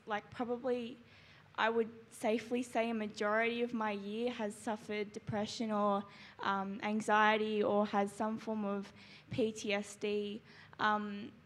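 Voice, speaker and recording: A teenage girl sharing earnestly at a church gathering, with many fillers like "um" and "like". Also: mid-range voice. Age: teens. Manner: earnest, full of "like" and "um". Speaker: high school student sharing. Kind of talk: casual sharing in a church talk.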